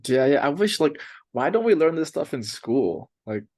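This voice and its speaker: A man hosting a podcast, asking questions in a soft, hesitant way with lots of fillers. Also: a little high, sing-song, moderate pace. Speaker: podcast host. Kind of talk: casual interview chat.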